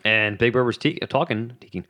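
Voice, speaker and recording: A man's voice: fairly quick, bright, forceful tone. A man co-hosting a podcast, chatting casually and jokily. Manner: jokey, breaks into silly high character voices. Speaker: podcast co-host. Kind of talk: casual banter.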